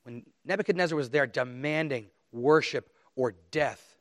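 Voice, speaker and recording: A man's voice: medium pitch, moderate pace, dry recording, studio quality. A man preaching a sermon, earnest and emphatic, reading scripture aloud with dramatic emphasis. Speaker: pastor.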